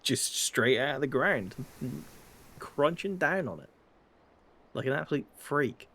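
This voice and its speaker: This English streamer chats about his gameplay at an unhurried pace, playful and wry, with the odd mock-posh line. His medium-pitched voice is animated and a bit bright.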